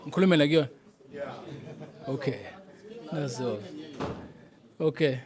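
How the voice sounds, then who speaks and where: A man's voice: medium pitch, measured pace, a crowd in the background. A South African man from KwaZulu-Natal, a provincial secretary giving a conference address, chanting slogans and mixing Zulu words into his English.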